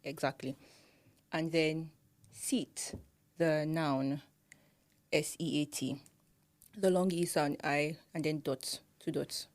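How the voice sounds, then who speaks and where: A young Nigerian woman with a Nigerian accent, co-hosting a podcast in casual chat, animated and laughing often as she mimics pronunciations. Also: sits low, slow pace, pauses often. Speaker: podcast co-host.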